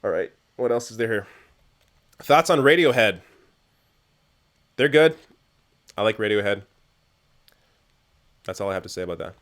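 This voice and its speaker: A man's voice: fairly low pitch, lively intonation, normal speed, long pauses, fairly bright tone. A young man from Canada hosting a casual livestream, answering viewer questions in a chatty way, often laughing and trailing off into fillers. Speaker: livestream host answering chat. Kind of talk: casual live Q&A chat.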